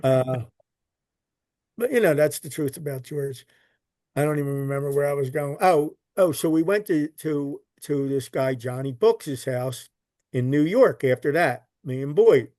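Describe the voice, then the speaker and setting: Philly man, casual rambling storyteller, a little high-pitched, bone-dry sound. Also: measured pace, warm tone, no room sound. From Philadelphia. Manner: rambling, repeats words, swears casually. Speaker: podcast guest, recovery literature collector.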